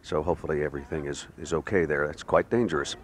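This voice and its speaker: Male anchor, very low voice, chatty live field coverage, faint outdoor noise. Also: fairly even intonation, quick pace. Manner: chatty, jovial. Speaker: TV news anchor.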